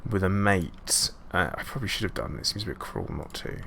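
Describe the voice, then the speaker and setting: A man's voice: deep voice, animated, a little fast, vocal fry, background noise. A man streaming a game, chatting casually and rambling with self-mocking asides. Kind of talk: casual live gameplay commentary.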